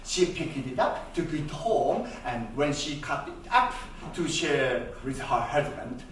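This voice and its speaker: Playful Japanese-accented comic storyteller. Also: male voice, medium pitch, big pitch swings, takes it slowly, fairly bright tone, slight background noise. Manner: playful, self-mocking, theatrical. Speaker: rakugo storyteller. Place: theater stage. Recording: echoey theater, mic far off.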